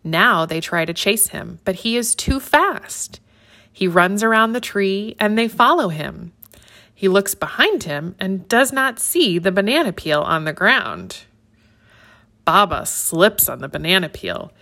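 A woman reading a children's story aloud in an expressive, sing-song way. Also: medium pitch, a little slow.

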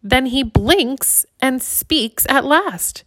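A woman reading a rhyming children's picture book aloud, with a warm, rhythmic delivery. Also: mid-range voice, expressive, slow pace, no room sound. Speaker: volunteer story reader.

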